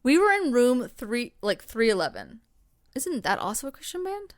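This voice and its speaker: A woman's voice: fairly high pitch, very animated, normal speed. Casual woman co-host: rambling, swears freely, breaks off into tangents mid-story. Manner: mock voices and tangents while telling ghost stories. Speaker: podcast co-host. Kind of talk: casual chat.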